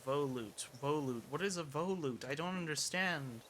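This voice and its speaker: His voice runs a little high, with lively intonation, a moderate pace, few pauses, and a fairly bright tone. The young man chats casually while streaming a game, rambling, self-mocking, and muttering as he plays, over a little hiss or hum.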